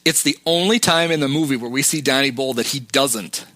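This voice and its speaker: A man's voice: mid-range voice, fairly quick, bright, forceful tone, dry recording. A man co-hosting a podcast, casually recapping a film scene by scene. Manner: recounting scenes, quoting lines. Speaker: podcast co-host.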